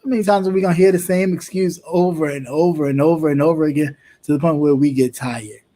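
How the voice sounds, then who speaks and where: Casting: male talk host, fairly high voice, passionate and emphatic. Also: fast talker, mellow. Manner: impassioned, emphatic repetition. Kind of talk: political commentary talk.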